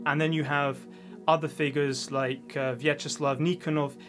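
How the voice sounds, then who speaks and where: A man speaking as a media commentator, giving steady, informative explanations. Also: on the high side, normal speed, music in the background.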